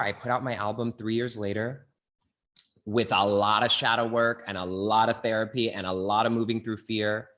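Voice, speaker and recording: Deep-voiced man telling his story. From California, Bay Area. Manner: earnest, animated retelling with acted quotes. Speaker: guest, singer-songwriter and spiritual teacher. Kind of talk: storytelling in an interview.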